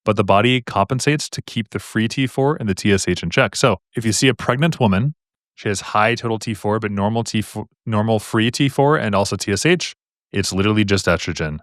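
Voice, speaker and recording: A man's voice: fairly low pitch, a little fast, dry recording, clean studio sound. A man tutoring on medical exam questions in a live stream, explaining in a casual, upbeat way with repetitions and slangy asides.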